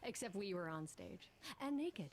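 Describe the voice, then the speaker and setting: A woman's voice: medium pitch, lively intonation, moderate pace, darkish tone, slight background noise, close to an everyday voice. An actress voicing a cheerful, teasing young woman drummer who supports her friend in a story game. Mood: joking. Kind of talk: game voice acting.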